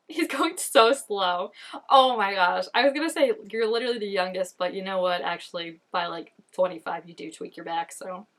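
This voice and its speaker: A young woman in her twenties talks through an episode as she watches it, chatty and animated and full of filler words. Her voice sits at an ordinary middle pitch for a woman. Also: moderate pace. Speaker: reaction channel host. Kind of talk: casual reaction commentary.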